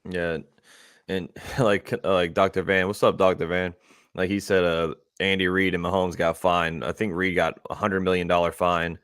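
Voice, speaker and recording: Laid-back low-voiced sports host. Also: male voice, little pitch movement, moderate pace, a bit bright, smooth, dry recording, clean studio sound. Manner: laid-back, chuckling, greets chat viewers. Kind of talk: casual sports talk.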